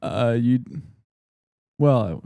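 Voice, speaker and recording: Male comedy podcast host, mellow mid voice, plays the earnest interviewer. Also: medium pitch, extremely slow, vocal fry, no echo, clean studio sound. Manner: mock-serious interviewer.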